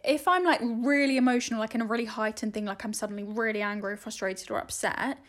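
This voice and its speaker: Woman, podcast co-host, candid casual chat, blunt asides. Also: a little high. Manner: candid, swears freely, quick asides.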